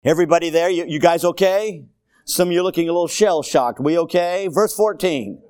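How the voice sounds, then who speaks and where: A man preaching a sermon as a visiting preacher. He swings between low, quiet asides and loud, high, shouted exhortation, with repetitive, rousing phrases. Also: brisk, clean tone, no room sound, clean studio sound. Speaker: guest preacher.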